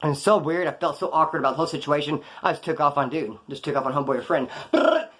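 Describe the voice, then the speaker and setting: A man's voice: fairly high pitch, fairly even intonation, rapid-fire, a bit bright. A man telling rambling prison and street stories in casual, profane slang. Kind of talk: casual storytelling to camera.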